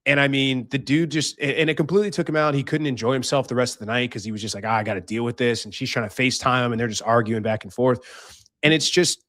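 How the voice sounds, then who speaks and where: This medium-pitched young podcast host talks fast, his tone fairly bright, in a blunt monologue of life advice. He swears freely and performs character voices. The studio recording is clean, with no room sound.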